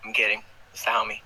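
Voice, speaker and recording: A man's voice: fairly low pitch, pushed and bright, slightly rough, rough recording. A man co-hosting a casual live stream over a video call, joking crudely and swearing freely.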